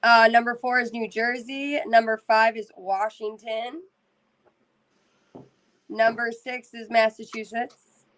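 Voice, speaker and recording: A woman's voice: fairly high pitch, fairly even intonation, takes it slowly, pauses often, fairly bright tone, dry recording, poor audio. A woman co-hosting a casual live-stream chat, teasing and reading items off a list. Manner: playful, reads off a list.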